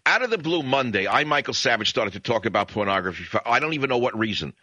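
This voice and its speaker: A man's voice: mid-range voice, very animated, fast, sharp tone, no echo, highs cut off. Bombastic man hosting talk radio. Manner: bombastic, rising to emphatic peaks. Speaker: radio talk show host. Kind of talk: combative talk radio monologue.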